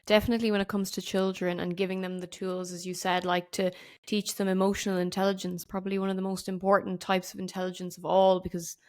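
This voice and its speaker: Woman, podcast host; mid-pitched, casual, rambling and enthusiastic. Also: level tone, fast talker, darkish tone. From Ireland. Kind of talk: casual interview chat.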